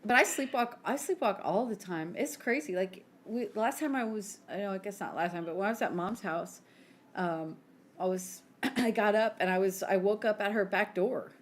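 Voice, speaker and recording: A woman in her thirties, co-hosting a podcast, telling stories in animated casual chat and acting out the quotes. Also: mid-range voice, moderate pace, slight background noise. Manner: animated storyteller who acts out quotes. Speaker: podcast co-host.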